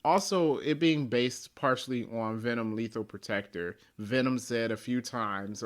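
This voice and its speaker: A man hosting a casual movie podcast, animated, laughing often and acting out quoted lines. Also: mid-range voice, normal speed, hardly any pauses. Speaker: podcast host. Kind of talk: casual movie review chat.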